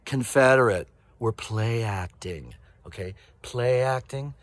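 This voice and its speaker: A man's voice: medium pitch, moderate pace, no room sound. A man in his sixties, from Oregon, talking casually in a rambling vlog with many asides. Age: 60s. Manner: animated, rambling, with frequent asides and laughs. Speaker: vlogger.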